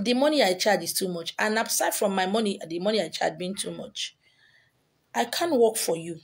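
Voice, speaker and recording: Husky nigerian woman scolding her viewers, repeats herself a lot, firing off rhetorical questions. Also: medium pitch, lively intonation, a little fast. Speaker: spiritual teacher selling handouts. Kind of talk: lecturing monologue to viewers.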